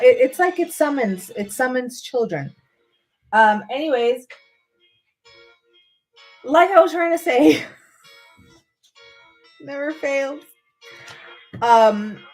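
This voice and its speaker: A woman chatting on a livestream from her bed at her computer, rambling casually, saying "dude" and restarting her sentences often. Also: mid-range voice. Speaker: vlogger on a livestream. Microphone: computer microphone.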